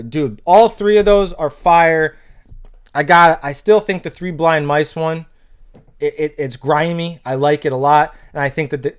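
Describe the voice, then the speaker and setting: A man hosting a music reaction, talking loosely with restarts and bursting into loud excited exclamations. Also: on the high side, clear, resonant tone. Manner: loose and conversational, many restarts. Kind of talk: casual reaction commentary.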